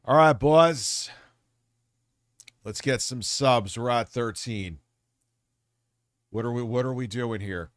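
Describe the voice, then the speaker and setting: A man's voice: medium pitch, slow pace, pauses often, no room sound, studio quality. A man hosting a casual livestream, talking in a rambling, jokey, off-the-cuff way. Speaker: livestream host.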